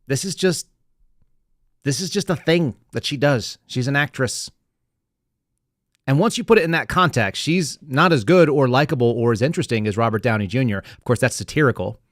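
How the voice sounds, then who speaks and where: A man's voice: mid-range voice, normal speed. A male podcast host delivers casual, sardonic commentary that rambles from point to point. His voice sits in a middle range. The close mic sounds dry, with no room echo.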